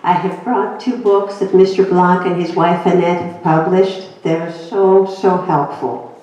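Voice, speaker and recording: Older woman speaker telling a story, mellow low voice, picked up from afar in an echoey hall. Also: fairly even intonation, a little slow. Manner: storytelling, acting out quoted voices. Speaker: guest speaker. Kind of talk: personal testimony talk. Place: church hall. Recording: echoey, distant, dull hall recording.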